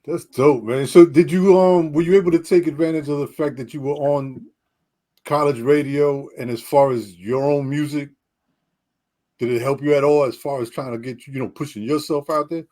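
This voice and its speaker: A man interviewing a guest, asking loose, rambling questions with pauses and fillers. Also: a little high, steady tone, dark tone.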